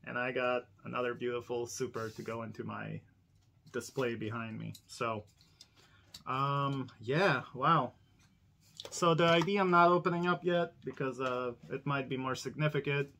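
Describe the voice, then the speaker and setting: A chatty man hosting a casual indoor unboxing vlog. He rambles, laughs often, and talks straight to his viewers, with a bright, ringing voice. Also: medium pitch, creaky, a little hiss or hum. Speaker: diecast collector channel host.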